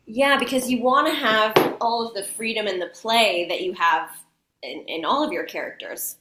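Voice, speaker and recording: A bubbly woman voice actor talking as a guest, her voice sitting a touch high. She laughs easily and keeps things playful. The sound is roomy and echoey. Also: moderate pace, bright, forceful tone. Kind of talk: casual interview chat.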